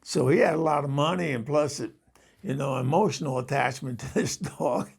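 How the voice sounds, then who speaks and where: An older man spins a long, rambling story, chuckling as he goes and speaking straight to his listeners. His voice is heavily gravelly and husky. It sits a touch higher than most men's. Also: normal speed. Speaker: storyteller host. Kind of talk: comic anecdote telling.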